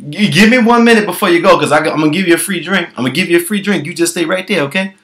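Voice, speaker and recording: A man's voice: high-pitched, rapid-fire, a bit bright, echoey room, pitched above the performer's own voice. A man voicing a fussy male bartender who coaxes a drunk customer. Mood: coaxing. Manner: coaxing, fussing.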